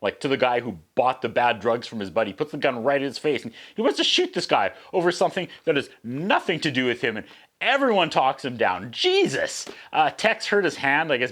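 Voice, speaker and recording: A man's voice: medium pitch, big pitch swings, a little fast, fairly bright tone. A man hosting a casual video review, recapping a movie's plot with sarcastic, wry asides. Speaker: host.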